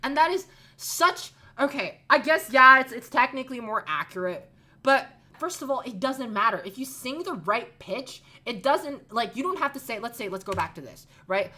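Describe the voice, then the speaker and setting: A woman's voice: a little high, lively intonation, normal speed, bright, forceful tone. A young woman giving a comedic, exasperated rant about music theory. She talks emphatically, sighs, and laughs at herself.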